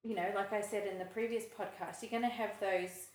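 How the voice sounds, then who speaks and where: A woman's voice: medium pitch, steady tone, fairly quick, reverberant, low-quality recording. A woman co-hosting a Christian podcast, talking earnestly and confessionally, often restarting her sentences. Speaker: podcast co-host. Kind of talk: casual Christian podcast chat.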